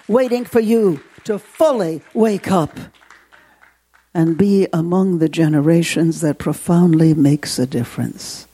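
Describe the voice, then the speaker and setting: A woman guest speaker giving an inspirational talk, slow and intimate, dipping into hushed asides. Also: fairly low pitch, breathy edge.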